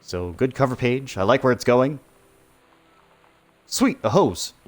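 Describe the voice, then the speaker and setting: A man's voice: medium pitch, expressive, unhurried. Swearing, frustrated male gamer. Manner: swears constantly, frustrated and loud. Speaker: gamer streaming a playthrough. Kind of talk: profane let's-play commentary. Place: dark room at home.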